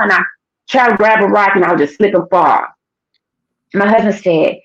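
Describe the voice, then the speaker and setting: A woman guest on a podcast, telling a personal faith story in a lively, animated way and acting out what people said. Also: medium pitch, normal speed, pauses often. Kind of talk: casual testimony. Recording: dull lo-fi sound.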